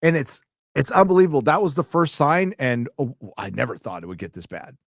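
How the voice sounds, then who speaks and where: A man's voice: medium pitch, lively intonation, fairly quick, gravelly, no room sound, studio quality. A man hosting a casual live stream, reading viewer comments and ranting with lots of swearing and sarcastic asides.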